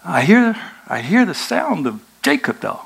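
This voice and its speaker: A man's voice: on the high side, very animated, unhurried, gravelly, fairly bright tone, slightly rough, pitched above the performer's own voice, heavily acted. A man voicing an old blind father who suspiciously questions a son he cannot see. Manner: questioning, wary.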